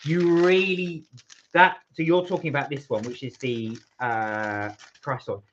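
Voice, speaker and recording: A man co-hosting a casual live stream, reading out viewer comments in a chatty, animated way. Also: mid-range voice, normal speed. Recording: dull lo-fi live stream audio.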